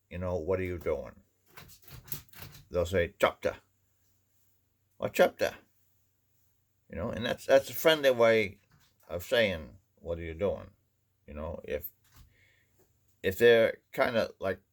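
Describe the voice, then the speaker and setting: A man from Maine with a Maine accent, rambling through a casual folksy monologue, full of "you know" and restarts. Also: deep voice. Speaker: vlogger.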